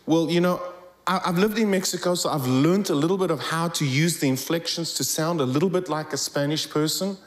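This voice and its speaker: A man's voice: fairly high pitch, fairly quick. A man preaching in a church, telling stories with rising emphasis. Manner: animated storytelling, rising emphasis. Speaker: guest preacher. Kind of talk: sermon. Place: church hall. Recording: echoey church hall.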